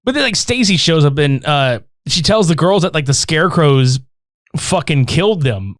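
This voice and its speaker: A man tells a movie's story in loose, profane chat, his pitch bouncing high and low as he acts out the characters. His voice sits a little high for a man and sounds close and dry. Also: normal speed, no echo. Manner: animated, swearing, acts out characters' lines. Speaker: movie recap podcaster.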